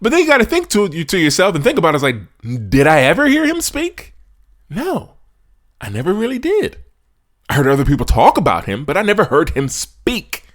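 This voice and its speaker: A man hosting a sports podcast, delivering a preachy monologue straight to his listeners in casual slang, swinging from loud emphasis to hushed asides. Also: a little high.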